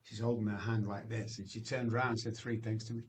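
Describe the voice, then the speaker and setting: A man's voice: lowish voice, level tone, fast talker, a little hiss or hum. Emphatic man in his sixties. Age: 60s. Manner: emphatic, addresses the host often, ends phrases with "man". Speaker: guest sharing his recovery testimony. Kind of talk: emotional personal storytelling.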